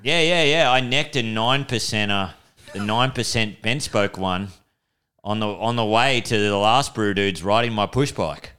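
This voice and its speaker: A man's voice: on the low side, unhurried, pushed and bright, clear, resonant tone. A young Australian man co-hosting a casual comedy podcast in a laid-back, chatty way, swearing freely. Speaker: podcast co-host.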